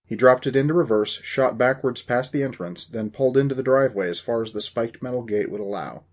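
A man's voice: medium pitch, brisk. A man in his forties hosting a story podcast, reading the narration in a dry, wry manner.

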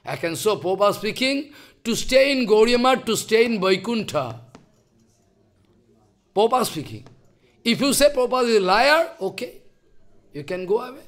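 Older bengali guy preaching in broken english, kinda high voice, keeps repeating lines for emphasis. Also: expressive, normal speed, long pauses. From India. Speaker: spiritual teacher. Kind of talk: devotional lecture.

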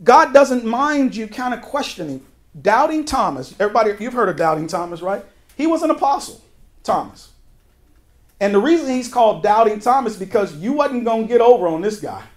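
Guy pastor with a high voice doing a chatty bible study, gets loud then drops real quiet. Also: sing-song, a little fast. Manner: conversational, with folksy asides and quoted voices; emphatic, with sudden drops to a quiet voice. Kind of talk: verse-by-verse Bible teaching.

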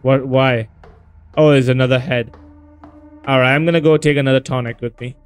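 A man's voice: medium pitch, fairly even intonation, moderate pace, clear, resonant tone, faint music behind. A man casually talking to himself and his viewers as he plays a horror game, reacting aloud to what he finds. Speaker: gameplay video host.

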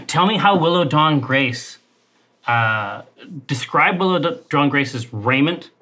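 A man's voice: a little high, lively intonation, takes it slowly, bright, forceful tone. A man running a tabletop horror game as keeper, with playful, theatrical phrasing. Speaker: game master.

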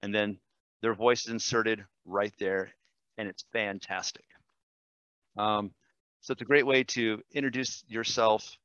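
A man, a language teacher, demonstrating software in a webinar, enthusiastic and quick, with fillers and self-corrections. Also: fairly low pitch, no room sound, dull audio. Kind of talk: screen-share webinar demo.

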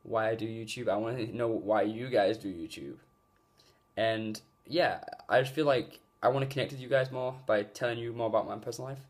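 Gaming vlogger, male, lowish voice, loose filler-heavy rambling, phone-recorded. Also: steady tone, a little fast. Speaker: gaming YouTuber. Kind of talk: casual vlog talk. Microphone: phone mic.

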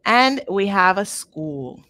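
A woman gives a live online language lesson at a slow, unhurried pace, repeating each word carefully. She keeps checking in with her learners as she goes. Her voice is close and dry, as if recorded at home on a computer mic. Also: medium pitch, big pitch swings, bright, forceful tone, no echo. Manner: patient, checks in with frequent "okay?", models words slowly twice. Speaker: language teacher.

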